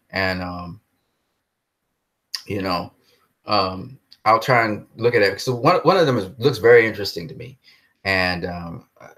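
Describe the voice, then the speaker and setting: A man vlogging a casual solo monologue about movies, animated and jokey, spinning exaggerated comic rants. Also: on the low side. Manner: animated and jokey, often breaking into laughter.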